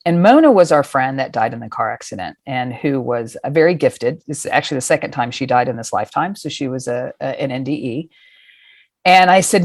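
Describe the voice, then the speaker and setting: A middle-aged woman telling a personal story in a casual, lively way, acting out the scenes and swearing freely. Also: low-pitched, a little fast, dry recording, clean studio sound. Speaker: guest.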